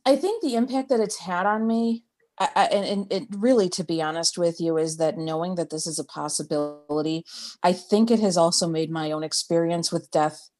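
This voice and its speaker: Interviewee, woman, lowish voice, chatty and halting storyteller. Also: darkish tone. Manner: chatty, hesitant storyteller with frequent restarts. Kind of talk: casual oral history interview.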